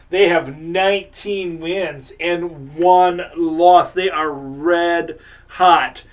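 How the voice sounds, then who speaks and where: A man's voice: high voice, distant mic. A man hosting a local sports show, giving casual, rambling game picks and previews.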